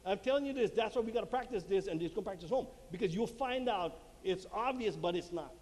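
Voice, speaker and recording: A man's voice: high voice, animated, a little fast, a little mellow. A man giving a talk at a marriage conference, acting out little quotes and laughing at his own jokes. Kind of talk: lively talk to a live audience. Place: church hall before an audience. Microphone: handheld mic. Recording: long hall reverb, faint room noise.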